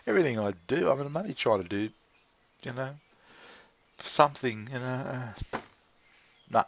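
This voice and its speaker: A man's voice: mid-range voice, animated, moderate pace, vocal fry, pauses often, dry recording. A man with an Australian accent talking in a rambling, casual way, laughing often and swearing freely. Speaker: vlog host. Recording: dull lo-fi recording.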